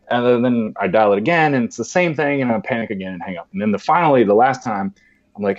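Low-voiced man telling a story. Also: a little fast. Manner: animated, acts out voices in quotes. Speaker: podcast guest. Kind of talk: storytelling in conversation. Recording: dull lo-fi sound.

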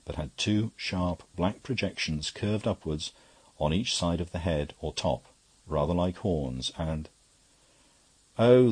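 A man narrating a classic story in an even, unhurried reading. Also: rumbling low, slightly rough, dry recording. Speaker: audiobook narrator. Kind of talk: scripted narration.

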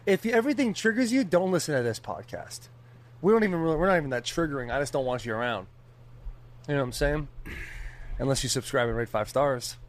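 A young man co-hosting a podcast, talking in loud, hyped, rambling and jokey banter. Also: fairly high pitch, lively intonation, quick pace. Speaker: podcast co-host.

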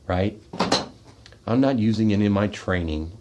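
American vet guy on the radio, lowish voice, fired up and confrontational, loud then quiet and heavy. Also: animated, moderate pace, a little hiss or hum. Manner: fervent, confrontational, swings between loud outbursts and quiet, heavy asides. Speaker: military veteran speaking on a radio show. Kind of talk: impassioned radio monologue. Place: radio studio.

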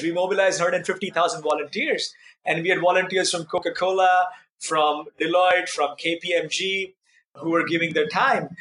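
A man being interviewed as a nonprofit founder, telling stories in an earnest, animated way. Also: a little high. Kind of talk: conversational interview storytelling.

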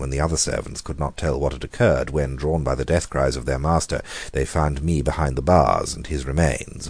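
Deep deep male voice reading a scary story slow and grave, dry close mic. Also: husky, no echo. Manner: measured, grave, with dramatic slowing. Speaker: audiobook reader. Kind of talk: scripted narration of a horror story.

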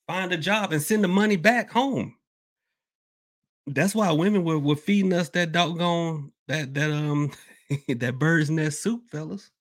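A man's voice: fairly high pitch, measured pace. A man hosting a casual podcast, rambling, repeating himself and calling his listeners y'all. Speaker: podcast host and hoodoo worker. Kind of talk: casual open-topic podcast talk.

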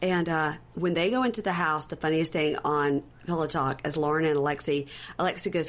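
A woman's voice: fairly low pitch, normal speed. Chatty woman recapping a reality show. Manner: chatty, acts out quotes from the show. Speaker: podcast co-host.

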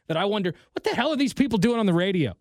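A man's voice: high-pitched, animated, very fast, darkish tone, no echo, clean studio sound. A man hosting a morning radio show, chatting casually and ranting bluntly.

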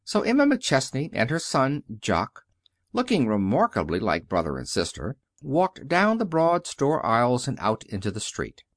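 Expressive male audiobook narrator. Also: medium pitch, no echo, clean studio sound. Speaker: audiobook reader. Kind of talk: scripted narration.

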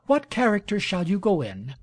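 A man's voice: sits high, wildly swooping pitch, moderate pace, no room sound, voice pushed up, heavily acted. A man doing an eager, coaxing young woman. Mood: delighted. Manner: breathless, coaxing, playful.

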